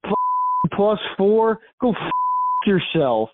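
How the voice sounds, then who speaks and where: A man's voice: high-pitched, huge pitch swings, slow, no echo. A man leaving a furious, swearing voicemail while watching a game he bet on. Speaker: voicemail caller. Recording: tinny phone voicemail.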